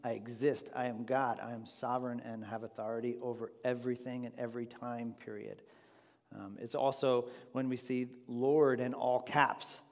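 A man's voice: medium pitch, level tone, normal speed, a little mellow, in a large hall. A man leading an informal Bible study class, talking conversationally and putting questions to the group.

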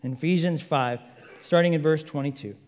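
A man preaching a sermon, an animated storyteller who jokes and acts out little scenes. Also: a little high, brisk, long reverb tail. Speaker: pastor.

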